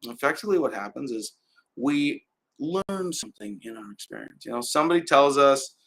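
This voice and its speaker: Gravelly-voiced man talking casually on a live stream. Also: medium pitch, fairly quick. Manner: relaxed, rambling, conversational, frequent restarts. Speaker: host. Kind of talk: casual livestream talk. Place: indoor home setup with adjustable lights. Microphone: camera mic on a live stream.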